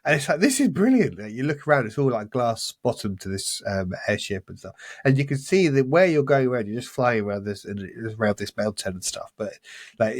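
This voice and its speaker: Husky man, enthusiastic podcast host. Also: fairly low pitch, darkish tone, no echo, studio quality. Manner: enthusiastic, rambling with restarts. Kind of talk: casual podcast chat.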